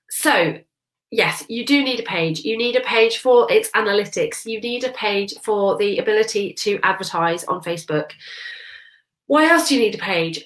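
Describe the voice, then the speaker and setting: A woman's voice: on the high side, a bit bright. A woman with a head cold and a nasal voice gives a chatty teaching talk on social media for business, full of "um" fillers. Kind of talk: casual teaching talk to camera. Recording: roomy echo.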